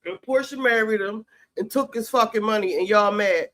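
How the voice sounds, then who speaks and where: A man's voice: high voice, moderate pace, bright, forceful tone. A man giving sassy, profane, heated commentary on a reality show while cooking in his home kitchen. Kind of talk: casual commentary chat.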